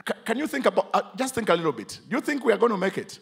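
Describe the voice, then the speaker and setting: Man, Kenyan accent, pastor, high lively voice, hushed then emphatic. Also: rapid-fire, gravelly, few pauses, breathy edge. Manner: preaching, switches between English and Swahili; dramatic, swings from hushed to loud emphatic. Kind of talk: sermon with congregation call-and-response.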